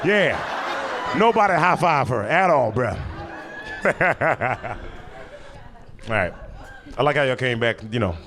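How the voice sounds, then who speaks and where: A man's voice: mid-range voice, lively intonation, slow, pauses often. A young man doing a laid-back, chatty stand-up set on a club stage, slipping into voices for people in his stories. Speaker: stand-up comedian. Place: comedy club stage before a live audience. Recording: live audience noise, background hum. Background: audience laughter and clapping.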